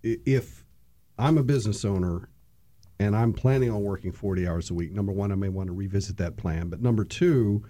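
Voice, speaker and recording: A male podcast host with a fairly low, mellow voice. He asks measured questions and sums up his guest's points before moving on. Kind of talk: interview questions.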